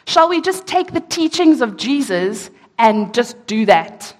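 A woman preaching a sermon, reading scripture slowly and emphatically and asking rhetorical questions. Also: fairly high pitch, sing-song. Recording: echoey hall.

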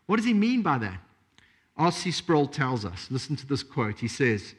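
A man's voice: medium pitch, big pitch swings, normal speed, husky. A man preaching a sermon, emphatic, repeating key phrases and asking rhetorical questions.

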